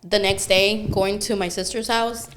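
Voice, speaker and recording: A woman's voice: medium pitch, steady tone, measured pace. Woman chiming in, faint noise behind. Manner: asks questions, shares own experience. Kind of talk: casual chat.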